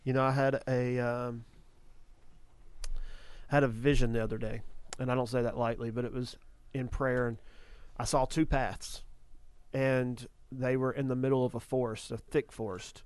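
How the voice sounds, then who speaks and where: A man's voice: medium pitch, level tone, moderate pace, smooth, no echo. A man hosting a Christian ministry show, earnestly preaching about a vision and repeating phrases for emphasis.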